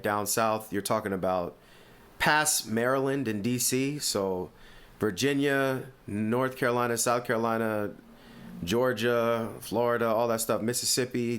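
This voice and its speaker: A man with an East Coast American accent hosting a sports podcast, giving opinionated, animated commentary full of rhetorical questions. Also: fairly low pitch, smooth. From US Northeast.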